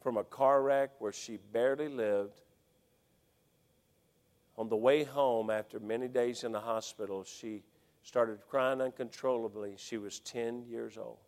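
A middle-aged man preaches in a plain, medium-pitched voice. His delivery is folksy and swings from shouted appeals to quiet, hushed stories. A long reverb from the church hall trails his words. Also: steady tone, a little slow. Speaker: pastor. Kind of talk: sermon.

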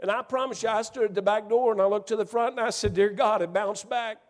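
High-voiced preacher in an echoing church. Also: male voice, fairly even intonation, fast talker. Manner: folksy, emphatic, repetitive restarts. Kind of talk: storytelling sermon. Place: church sanctuary. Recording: church hall reverb.

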